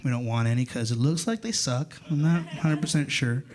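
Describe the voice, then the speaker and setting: A man in his thirties doing a stand-up comedy set in a club, telling stories in an animated way and jumping into loud voices for punchlines. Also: medium pitch, fairly quick. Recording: live club recording with crowd laughter. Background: audience laughter.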